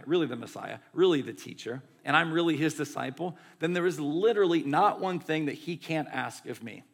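A man's voice: on the high side, gravelly. A man in his forties preaching a sermon in a conversational way, often acting out quoted lines. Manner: conversational, acts out quotes in voices. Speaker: pastor.

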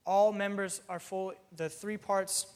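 A man's voice: sits high, steady tone, measured pace, long reverb tail. A man preaching a sermon, earnest and explanatory, working through a text with plain everyday examples and an occasional "um".

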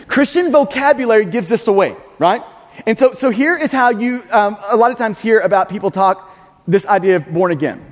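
A man preaching with a very high voice, pressing his points with repetition and frequent restarts. His words ring out in a church sanctuary with a long, lingering reverb. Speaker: pastor. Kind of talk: sermon.

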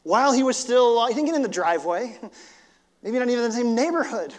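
A man's voice: very high voice, lively intonation, moderate pace, pauses often. A male pastor giving a conversational sermon, acting out quotes as he teaches. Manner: conversational preaching with acted-out quotes. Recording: long church reverb.

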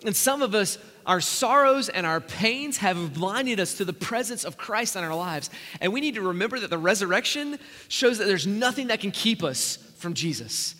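A man with a high, bright voice delivers an earnest, conversational sermon to his congregation. He slips into quick voices for the people in the story he tells. His words ring out with a long reverb through the church sanctuary. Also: lively intonation. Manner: earnest, conversational preaching with acted-out quotes. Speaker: pastor.

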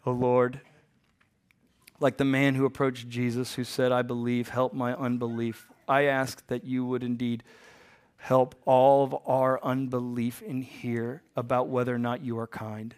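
A man in his forties preaching a sermon as pastor, hoarse from bronchitis, joking with the congregation and rising to loud, emphatic peaks. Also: mid-range voice, little pitch movement, a little slow. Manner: jokey asides, rises to loud emphatic peaks.

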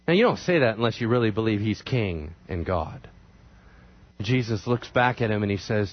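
Lively, animated male preacher. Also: fairly low pitch, moderate pace. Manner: animated storytelling, conversational asides. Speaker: pastor. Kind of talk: sermon. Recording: dry, slightly dull sound.

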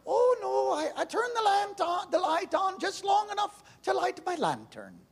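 A man voicing a cheerful old Irish woman from a cottage in a sermon story, high and strained, with an Irish accent. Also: wildly swooping pitch, moderate pace, creaky, full character voice.

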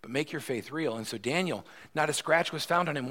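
A man's voice: a little high, brisk, few pauses, fairly bright tone. A male pastor giving a conversational sermon, retelling a story and often checking in with "right?".

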